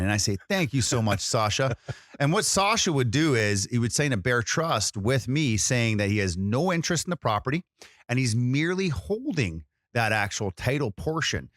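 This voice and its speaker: A man's voice: mid-range voice, a bit bright, no room sound, studio quality. A man hosting a podcast in a casual, chatty way, full of fillers and restarts. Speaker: podcast host.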